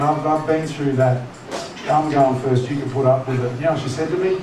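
High-voiced pastor in an echoey hall. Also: male voice, lively intonation, a little fast, long pauses. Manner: conversational, teasing, asks the congregation questions. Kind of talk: sermon. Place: church hall. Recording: echoey church hall, distant mic, noisy.

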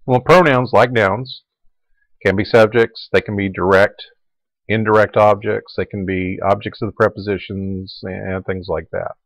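Low-voiced man teaching Latin grammar. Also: a little slow, vocal fry, dry recording, low-quality recording. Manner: relaxed explaining, repeating forms aloud. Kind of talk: recorded lecture.

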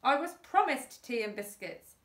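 Woman doing a loud, blunt old lady. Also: high voice, lively intonation, moderate pace, reverberant, far from the mic, voice pushed up. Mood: demanding. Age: older. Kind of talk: storybook reading.

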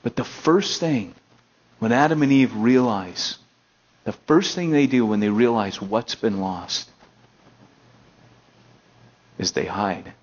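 A male pastor preaching a conversational sermon, moving between emphatic raised passages and low, quiet stretches. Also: animated, takes it slowly, pauses often, lo-fi sound. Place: elementary school meeting hall.

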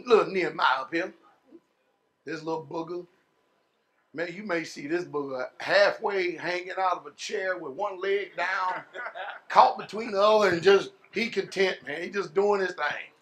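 A man preaching a sermon as pastor to his congregation, drawing words out slowly, then bursting into shouts, folksy and direct with the people in front of him. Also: high voice.

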